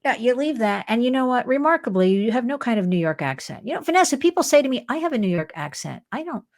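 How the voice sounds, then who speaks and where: An older woman from New Jersey hosting an interview show, talking in an excited, emphatic, chatty way. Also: fairly high pitch, fast. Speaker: host.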